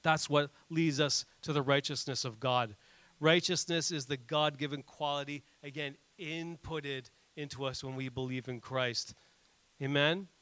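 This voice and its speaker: A man in his thirties preaching a sermon, earnest and animated, telling family stories between points with frequent restarts. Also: a little high, smooth, dry recording. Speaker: pastor.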